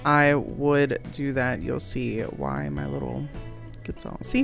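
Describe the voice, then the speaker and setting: A woman's voice: extremely low pitch, fairly even intonation, slow pace, creaky, faint music behind. A woman talking through a craft tutorial in a casual voice-over, chatty and giggly, often poking fun at herself. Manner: chatty, giggly, self-deprecating. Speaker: crafting vlogger.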